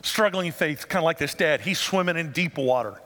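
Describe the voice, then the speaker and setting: A male pastor giving an animated sermon in a church sanctuary and asking the congregation rhetorical questions. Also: a little high, moderate pace. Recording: long hall reverb.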